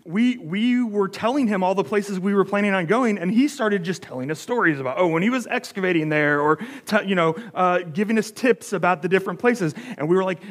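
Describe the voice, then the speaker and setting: A man's voice: sits high, lively intonation, a little fast. An American man giving a sermon, telling a story in a chatty, self-deprecating way with many fillers. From United States. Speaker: pastor.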